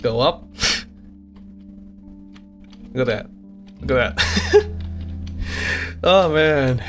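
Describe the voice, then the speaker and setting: A man's voice: a little high, huge pitch swings, extremely slow, a bit bright, soft background music. A man streaming as a VTuber, chatting casually and chuckling often as he shows off games he made, repeating himself and trailing off mid-sentence. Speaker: VTuber streamer and game developer. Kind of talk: casual live-stream commentary.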